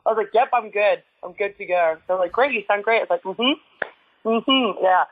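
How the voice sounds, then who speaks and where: An English woman, a retired wrestler, telling stories in a casual interview, chatty, full of "like" fillers and quick laughs. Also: medium pitch, dry recording. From England. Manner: chatty storyteller with constant "like" fillers and frequent laughs. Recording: tinny phone-like line, dry.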